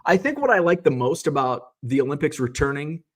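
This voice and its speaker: Very animated and brisk, a middle-aged man from the United States with a higher-pitched voice hosts an informal live stream. Reading viewers' comments, he rambles from tangent to tangent and corrects himself often.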